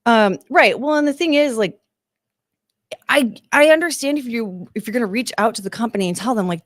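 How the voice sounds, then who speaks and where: A woman's voice: fairly high pitch, a little fast, dry recording, studio quality. A young adult woman hosting a podcast, ranting in casual commentary and reading chat, with lots of fillers. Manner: chatty, exasperated, ranting with many fillers. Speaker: podcast host.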